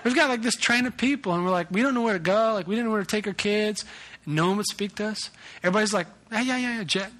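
A man's voice: high-pitched, fast talker. A male pastor preaching a sermon in a conversational way, telling stories with lots of restarts. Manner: conversational, animated storytelling with restarts. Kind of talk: sermon with a personal story.

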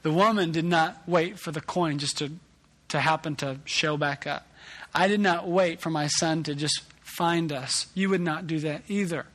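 A man preaches a sermon and leads in with a lively personal story. He pokes fun at himself as a parent. His voice sits slightly higher than most men's. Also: normal speed. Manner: animated storytelling, self-deprecating. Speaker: pastor.

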